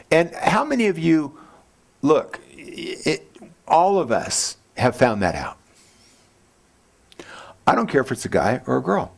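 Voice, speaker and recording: Male pastor, sermon delivery, gravelly and very expressive, jumps up high for quoted lines. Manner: animated, jokey, acts out quotes with big pitch jumps. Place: church.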